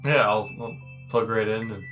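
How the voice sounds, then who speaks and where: A man's voice: on the low side, fairly even intonation, normal speed, fairly bright tone, dull audio, soft background music. Hesitant male tabletop player.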